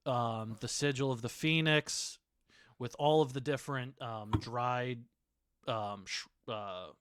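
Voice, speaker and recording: A man narrating as game master of a tabletop game, unhurried and full of fillers. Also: medium pitch, noisy background.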